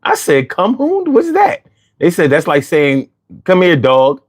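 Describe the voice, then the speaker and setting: A man hosting a casual chat, telling stories with lots of swearing and putting on high voices when he quotes himself. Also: a little slow. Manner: animated storyteller, swears freely, jumps into high voices for quotes. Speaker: host.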